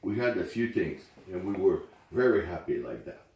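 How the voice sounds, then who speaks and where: A man whose first language is French, reading memorial poems aloud at a wake in a slow, earnest way. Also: sits low, very animated, a little mellow. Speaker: speaker at a wake. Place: memorial gathering indoors. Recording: very echoey room, far from mic.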